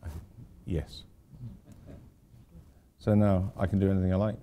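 A man's voice: low-pitched, fairly even intonation, moderate pace, warm tone, a little hiss or hum. An older man giving an informal architecture lecture to students, rambling with wry, self-deprecating asides. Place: lecture hall at a university.

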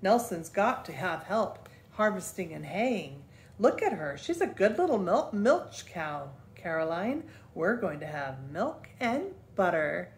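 A woman's voice: on the low side, big pitch swings, measured pace. An older woman voicing a cheerful, good-humored pioneer father who talks in a hearty, teasing way.

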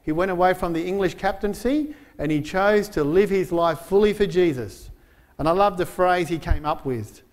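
A male pastor preaching a sermon in an earnest way, slowing down to stress quoted verses. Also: high-pitched. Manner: frequent fillers and restarts while preaching.

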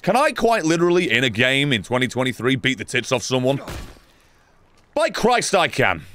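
A man giving excitable, profane, laugh-filled commentary while playing a video game. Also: on the high side, a little hiss or hum. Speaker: gaming YouTuber. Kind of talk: let's play commentary.

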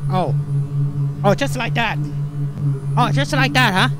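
A gamer commenting on a horror game in broken, second-language English, swearing and shouting at the screen. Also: medium pitch, big pitch swings, moderate pace, long pauses, background noise. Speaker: let's play gamer.

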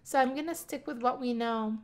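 Brief: young woman host, high voice, excitable let's-play commentary, quick to squeal and laugh. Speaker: gaming channel host.

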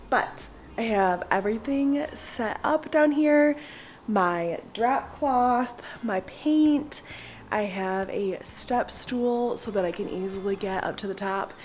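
A woman's voice: on the high side, a little mellow, a little hiss or hum. A woman in her thirties chatting casually and rambling upbeat about painting her living room, speaking to a camera mic in her home. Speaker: home renovation vlogger. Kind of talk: casual vlog chat.

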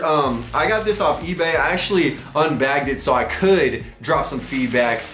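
A man's voice: a little high, a bit bright. Slangy young man in an echoey room. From Texas. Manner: rambling, slangy, jokey. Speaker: vlogger. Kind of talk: casual unboxing vlog.

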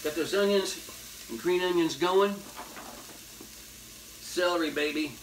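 A man's voice: on the high side, measured pace, background noise. A man hosting a casual cooking demonstration in a kitchen, talking in a folksy, jokey way with hip slang. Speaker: horror movie host doing a cooking segment. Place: home kitchen at the stove. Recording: loud sizzling and frying in the background.

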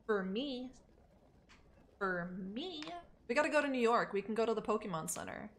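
A woman streamer thinks out loud through a game and chats with her viewers, with a lively voice that swings up and down. She swears casually and mutters to herself as she plays. A faint hiss sits under the audio. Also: fairly high pitch, moderate pace. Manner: casual, profane, talks to herself and chat. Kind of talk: live-streamed gameplay chat with viewers.

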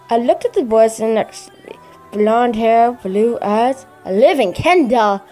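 A woman's voice: fairly high pitch, animated, slow, warm tone, soft background music. A woman casually reading fan fiction aloud into a microphone, giggling, stumbling over words and adding chatty asides. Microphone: desk microphone.

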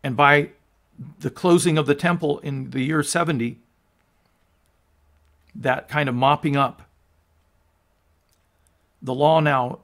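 A man's voice: fairly high pitch, fairly even intonation, slow, long pauses, a bit bright. A man pastor giving an earnest, emphatic sermon, reading scripture and teaching with restarts along the way. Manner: frequent restarts and fillers.

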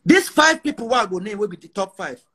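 Husky, fairly high-voiced Nigerian man; brash, defiant interviewee. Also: sing-song, fast, a bit bright. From northern Nigeria. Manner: brash, defiant, repeats phrases for emphasis. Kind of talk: boastful interview talk.

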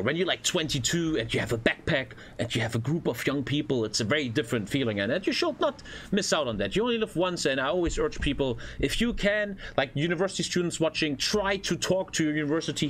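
A man's voice: a little high, slight background noise. Swearing German man telling a wild story. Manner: animated storytelling, swears a lot, acts out voices. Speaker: streamer reacting to a video. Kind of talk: casual reaction stream chat.

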